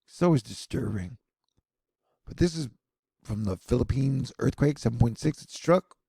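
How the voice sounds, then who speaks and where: A man's voice: medium pitch, lively intonation, normal speed, gravelly, warm tone, slightly rough, dry recording. A man giving casual, rambling news commentary with sardonic, self-mocking asides.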